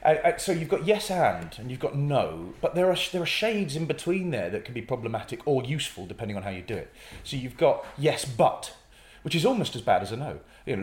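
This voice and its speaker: Animated man in an echoey room. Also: mid-range voice, brisk, hardly any pauses. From North East England. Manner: animated storyteller acting out little scenes. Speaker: improv comedian guest. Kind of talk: casual interview chat.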